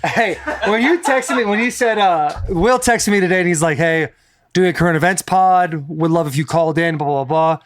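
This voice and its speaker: A young man joining a podcast out of breath, chatting and joking in an animated way. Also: a little high, normal speed. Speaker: podcast co-host. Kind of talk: casual chat.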